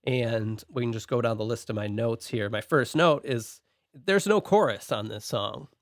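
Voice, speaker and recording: A man's voice: mid-range voice, normal speed, no echo, clean studio sound. A man co-hosting a podcast, walking through his production notes on a song point by point in a casual, methodical way.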